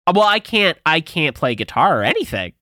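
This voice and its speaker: Male podcast co-host, animated storyteller with a wide-ranging, bright voice. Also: a little high, brisk, dry recording, clean studio sound. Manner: animated, acts out quoted voices. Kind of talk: casual storytelling chat.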